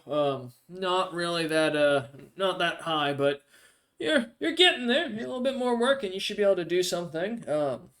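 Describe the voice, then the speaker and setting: A man voicing a large, formal male Goliath guild official who speaks politely and in measured phrases. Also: high-pitched, voice pushed up.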